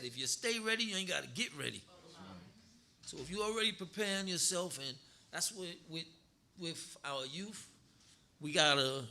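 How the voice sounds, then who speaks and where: A man's voice: a little high, pushed and bright. A man teaching scripture to his congregation in a casual, colloquial way, often laughing.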